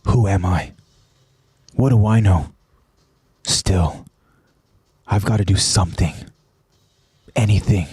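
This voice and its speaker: A man's voice: deep voice, slow, pauses often, breathy edge, pitched below the performer's own voice, heavily acted. A man voicing a furious, bitter young male soldier who accuses and screams at former comrades. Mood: grim. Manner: shouting, accusing, rising to a scream.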